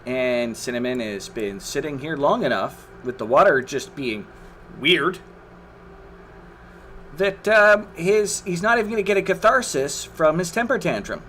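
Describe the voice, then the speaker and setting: A man's voice: on the high side, animated, measured pace, fairly bright tone, a little hiss or hum. A man commentating his own gameplay on a live stream, exasperated, swearing and groaning at the game.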